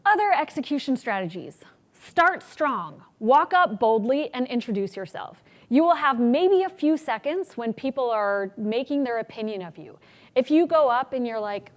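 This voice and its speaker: A woman presenting a workshop on public speaking, energetic and acting out examples of good and bad delivery. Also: on the high side, normal speed. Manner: energetic, demonstrates examples in changed voices. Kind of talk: teaching a conference workshop.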